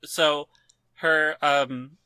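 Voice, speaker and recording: A man's voice: fairly high pitch, steady tone, extremely slow, pushed and bright, clean tone, dry recording. A man cohosting a casual podcast, rambling with lots of fillers and casual swearing. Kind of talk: casual chat.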